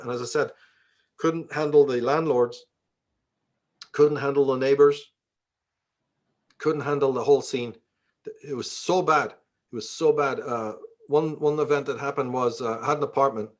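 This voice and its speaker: A man from Northern Ireland with a Belfast accent and a slightly raised voice. He is an interview guest telling stories in a loose, profane way. He slips into the voices of the people in his stories as he goes. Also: a little high. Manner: profane, acts out quoted dialogue. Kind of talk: conversational storytelling.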